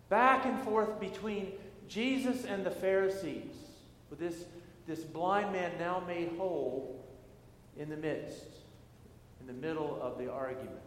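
A middle-aged pastor preaching a sermon in a church, speaking in a deliberate, emphatic way with measured pauses. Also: male voice, sits high, slight background noise. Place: church sanctuary. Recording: echoey hall with faint ambience.

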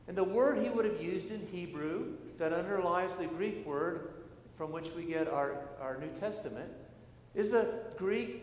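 Pastor, man, middle-aged, fairly high voice, unhurried and emphatic; recorded with long church reverb. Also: animated, a little mellow, slight background noise. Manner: deliberate, emphatic preaching with measured pauses. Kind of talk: sermon. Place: church sanctuary. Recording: echoey hall with faint ambience.

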